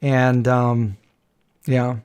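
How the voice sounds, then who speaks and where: A man's voice: medium pitch, little pitch movement, very slow, darkish tone, clear, resonant tone. A middle-aged man hosting a casual livestream chat, rambling and joking as he tells stories. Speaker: host.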